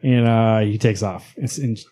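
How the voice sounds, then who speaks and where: A man's voice: fairly low pitch, unhurried, dark tone. A man co-hosting a comic book podcast, casually recapping panels with laughs and asides. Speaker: podcast co-host.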